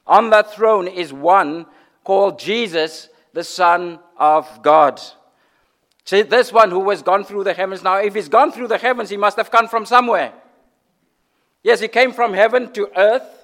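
A man preaching a sermon, swinging from loud declarations to hushed, almost whispered lines and repeating phrases for emphasis. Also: sits high, unhurried.

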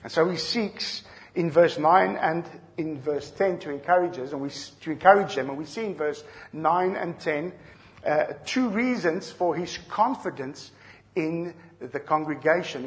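A middle-aged man preaching a sermon, earnest and measured, dropping soft and then rising loud to drive a point home. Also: a little high. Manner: earnest, swings from soft to shouting for emphasis. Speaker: pastor.

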